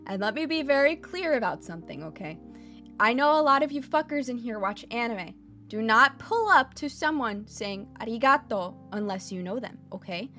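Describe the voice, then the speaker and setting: A woman's voice: a little high, lively intonation, normal speed, pushed and bright, soft background music. A woman streaming a casual lesson, blunt and a bit profane, who repeats her points and keeps checking in with "okay?". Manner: repeats phrases for emphasis. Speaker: VTuber streamer teaching Japanese.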